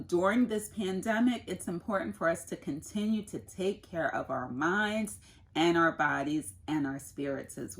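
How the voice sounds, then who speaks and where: A woman, a mother, talking through her favorite things in an earnest, casual faith and lifestyle vlog. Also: lowish voice. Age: adult, mother of a son. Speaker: lifestyle vlogger.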